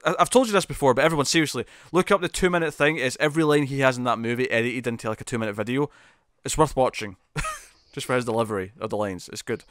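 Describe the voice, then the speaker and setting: A man of ordinary pitch co-hosts a casual TV review podcast. He talks in quick bursts, restarts and repeats words. The sound is dry and close, with no room. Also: dry recording. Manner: animated, repeats words, many fillers and restarts. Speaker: podcast co-host. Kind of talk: casual chat reviewing TV episodes.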